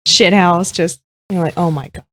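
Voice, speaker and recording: A woman's voice: on the low side, slow, slight background noise. A Navy veteran woman chatting casually as a guest, reacting briefly and laughing easily. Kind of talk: casual chat.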